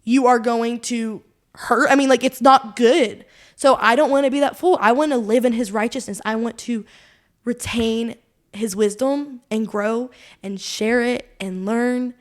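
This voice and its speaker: Sharing her testimony on a casual faith podcast she co-hosts, a young woman speaks in a fairly high, steady, unhurried voice. She rambles earnestly, leans heavily on "like," quotes her own thoughts aloud, and laughs frequently.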